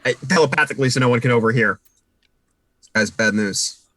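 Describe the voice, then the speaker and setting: A man with a bright, forceful voice chatting as a tabletop player, quick and joking. The sound is dry and close. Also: mid-range voice, no room sound. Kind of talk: casual tabletop play.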